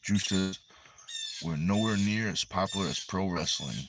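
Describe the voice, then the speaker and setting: Deep-voiced New England man on a livestream. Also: normal speed, background noise. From Connecticut. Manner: rambling, easygoing, thinks aloud with hesitations. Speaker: arm wrestler and livestream host. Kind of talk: livestream chat, reading viewer comments aloud.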